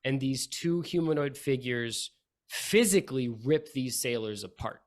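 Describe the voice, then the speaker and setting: A man narrating as game master of a tabletop game, pausing often with ums as he describes scenes. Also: mid-range voice, lively intonation. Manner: halting narration with frequent ums.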